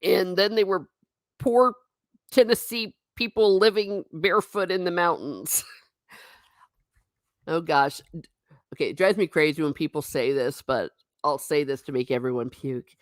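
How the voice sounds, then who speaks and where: A woman's voice: sits low, a little slow, long pauses, no room sound, studio quality. A middle-aged woman hosting a casual livestream chat, reading viewer comments and laughing often with self-mocking asides.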